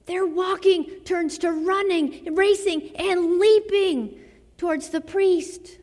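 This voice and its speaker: A woman with a high voice preaches a sermon in a slow, deliberate rhythm. Her delivery is dramatic, sinking to hushed phrases and then lifting into fervent calls. The sound carries a long reverb from a large hall. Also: steady tone. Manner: slow, dramatic delivery with soft drops and rising exclamations.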